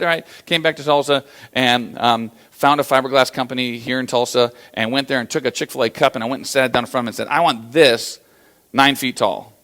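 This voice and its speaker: An American man giving a motivational business talk, telling stories with lots of fillers and acting out the quotes. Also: medium pitch. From USA. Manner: animated storyteller acting out quotes, many fillers. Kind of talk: storytelling keynote talk.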